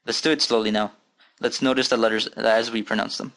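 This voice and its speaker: A man's voice: fairly low pitch, fairly even intonation, fairly quick, fairly bright tone. A man teaching an Arabic reading lesson, patiently repeating letter sounds and asking students to follow along. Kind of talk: recorded language lesson.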